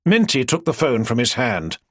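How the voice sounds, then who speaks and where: A man narrating an audiobook in an expressive storytelling way. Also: mid-range voice, normal speed, dry recording, studio quality.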